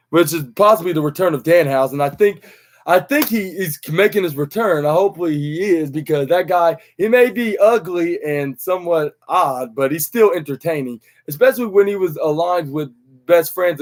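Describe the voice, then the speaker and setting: Young male podcast host, slightly high voice, loose rambling recap delivery with lots of fillers. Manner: rambling, many fillers and restarts, acts out quotes. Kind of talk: casual wrestling recap.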